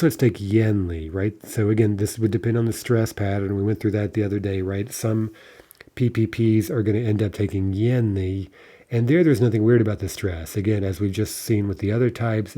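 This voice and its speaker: Homem grave explicando gramática russa. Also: male voice, lowish voice, dark tone. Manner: explanatory, frequent "right?" checks, spells out word forms slowly. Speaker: Russian language teacher. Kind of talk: informal grammar lesson.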